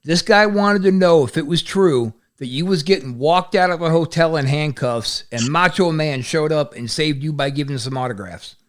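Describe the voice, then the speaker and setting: A man's voice: a little high, normal speed, few pauses. A man hosting a podcast, putting questions to a guest and joking with him in a teasing, profane way. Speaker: podcast host. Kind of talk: casual chat.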